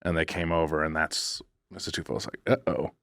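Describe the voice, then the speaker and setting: A man's voice: extremely low pitch, flat delivery, fairly quick, pushed and bright, smooth, no echo, studio quality. A man co-hosting a podcast, telling a ghost story in a casual, rambling way, restarting sentences and cracking jokes as he goes. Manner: rambling, self-correcting, jokey. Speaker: podcast co-host. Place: podcast studio.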